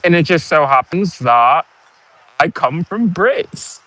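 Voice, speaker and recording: A man's voice: a little high, big pitch swings, slow pace, fairly bright tone, no room sound. A man in his forties with a posh British accent, telling a sarcastic story in a casual vlog monologue. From United States. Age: 40s. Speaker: vlogger.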